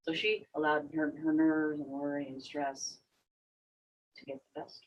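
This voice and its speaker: A Bible study leader guiding a group discussion, animated and acting out quotes in a raised voice. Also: mid-range voice, a little slow, lo-fi sound.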